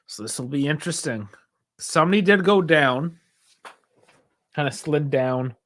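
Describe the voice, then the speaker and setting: A man's voice: fairly high pitch, animated, normal speed, fairly bright tone. A young man hosting a football watch-along stream, chatting casually, reacting aloud with sighs and laughs and talking to his chat. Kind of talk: casual live match commentary.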